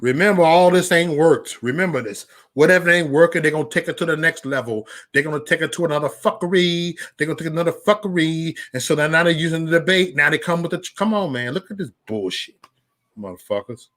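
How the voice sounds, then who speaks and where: A man's voice: a little high, fast talker, sharp tone. Profane, heated man ranting on a livestream. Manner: profane, heated, repetitive, stammers into restarts; reads out live chat comments. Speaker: livestream host. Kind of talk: angry livestream rant.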